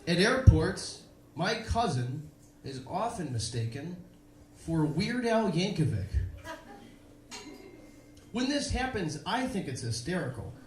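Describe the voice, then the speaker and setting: A young man performing a stand-up comedy set on a club stage, delivering deadpan stories with punchlines. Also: sits high, takes it slowly, a little hiss or hum. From Chicago, USA. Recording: echoey live club room.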